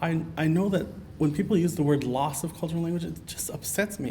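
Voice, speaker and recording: A man's voice: mid-range voice, fairly even intonation, normal speed, mellow, a little hiss or hum. A man from Canada giving a keynote talk at a conference, earnest and personal, telling stories with many fillers. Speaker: keynote speaker. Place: conference hall.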